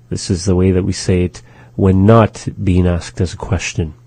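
A man hosting a radio language lesson, slowly and carefully pronouncing phrases and explaining them. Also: deep voice, steady tone, mellow, no echo. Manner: slow, careful pronunciation drills. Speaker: language teacher and show host.

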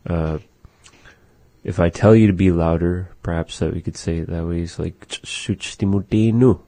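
A man teaching words of his language in a casual lesson, saying them slowly and repeating them. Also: low voice, steady tone, mellow, dry recording.

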